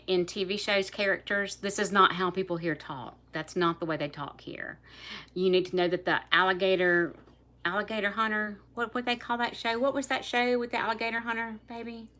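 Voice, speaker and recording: A woman's voice: mid-range voice, sharp tone. A woman with a South Louisiana accent chatting casually on a livestream, laughing often and talking straight to her viewers. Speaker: livestream host.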